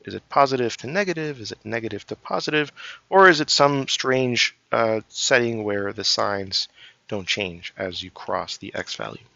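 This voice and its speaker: Male professor, recorded math lecture, gravelly, bright forceful tone, dry slightly dull lo-fi sound. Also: lowish voice, normal speed, no room sound. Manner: explains step by step with frequent "um" and "right?".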